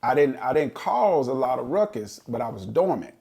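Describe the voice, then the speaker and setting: A middle-aged man with a gravelly, creaky edge to his voice tells a story in a casual podcast chat. His pitch sits in the middle, and he speaks earnestly and thoughtfully, looking back on his past. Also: big pitch swings, moderate pace, darkish tone. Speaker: podcast co-host.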